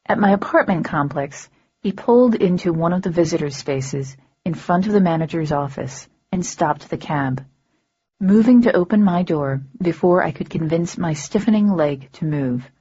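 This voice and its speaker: A woman narrating an audiobook in the first person, her voice low and mellow with a husky grain. She keeps a dry, wry, matter-of-fact delivery, and the recording sounds slightly dull and muffled. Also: animated, moderate pace.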